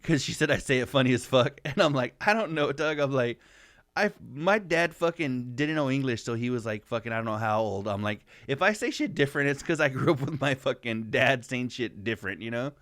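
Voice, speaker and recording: A man's voice: mid-range voice, expressive, brisk, fairly bright tone, no room sound, studio quality. A young adult man co-hosting a podcast, rambling through stories, laughing often and swearing freely. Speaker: podcast co-host. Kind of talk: casual profane chat.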